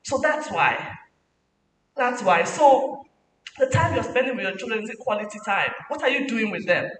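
A woman giving an animated, preachy motivational talk as a guest speaker at a parenting summit. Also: fairly high pitch, moderate pace. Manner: animated, preachy, mixing in laughs. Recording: echoey hall from far off, faint noise.

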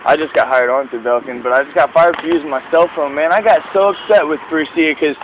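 A young man tells a story with lots of energy, his voice a little high and full of slang. He sounds tinny, as if recorded on a phone, with clear road noise behind him. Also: fast talker. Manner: animated storytelling, slangy, acts out the quotes. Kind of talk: casual chat.

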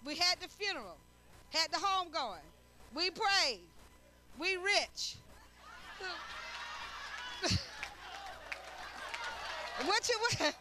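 A middle-aged woman preaching a sermon in a lively, conversational way, using everyday speech and acting out little dialogues. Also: very high-pitched, extremely slow, pauses often, a crowd in the background, background noise. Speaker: prophetess preaching.

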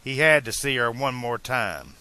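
A man narrating a fan-made audiobook in a slow, deliberate reading style. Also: mid-range voice, bright, forceful tone.

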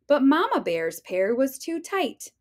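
Teacher reading a storybook aloud, sing-song rhyming delivery, unhurried, lively pitch. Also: female voice.

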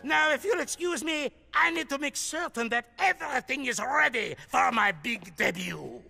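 A man's voice: extremely high pitch, expressive, moderate pace, creaky, sharp tone, heavily acted. A man voicing a pompous, scheming would-be king who talks in a grand, gloating way. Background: cartoon music score.

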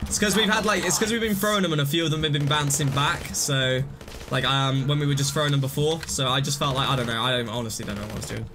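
A young man streaming live gameplay commentary, rambling and mocking his own mistakes, now and then bursting out excitedly. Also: medium pitch, quick pace, background noise.

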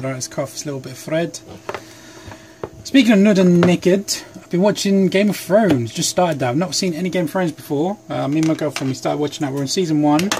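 Chatty man with a higher voice. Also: background noise. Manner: rambling, chatty, self-deprecating. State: sleep deprived. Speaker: hobby craft vlogger. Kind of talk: casual chat while working. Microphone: phone camera.

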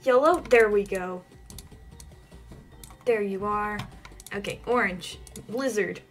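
A woman's voice: medium pitch, normal speed, long pauses, soft background music. A woman giving casual let's-play commentary, talking to herself with frequent flustered yelps and laughs. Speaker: gaming channel host.

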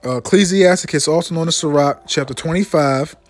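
A man preaching a fiery sermon, ending nearly every line with "man" and slowing down to read scripture solemnly. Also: a little high, faint music behind. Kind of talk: fiery street-style sermon with scripture readings.

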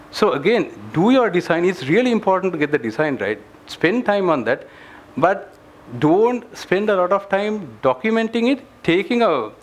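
Earnest man giving a tech talk. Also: high-pitched. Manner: earnest, advisory, many fillers and restarts. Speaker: engineering director giving a meetup talk. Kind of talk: conference presentation. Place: meetup venue with an audience.

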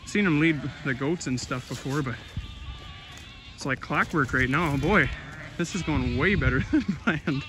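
A man's voice: a little high, a little slow, music in the background. A man farmer chatting casually while herding his flock outdoors, rambling and talking to his animals. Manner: folksy, rambling, talks to the animals. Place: outdoors on a farm hillside and woods. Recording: outdoor noise with sheep bleating. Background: sheep bleating.

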